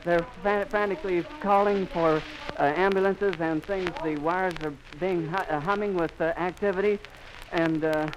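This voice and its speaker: Old-time radio guy calling it live outside, high-ish voice, faint rain hiss on an old recording. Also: steady tone, normal speed. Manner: florid, announcer-style description; frantic, sobbing, breathless outcry. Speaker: radio reporter. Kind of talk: live on-the-spot radio commentary. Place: outdoors at an airfield in rain. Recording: 1930s archive recording with faint rain noise.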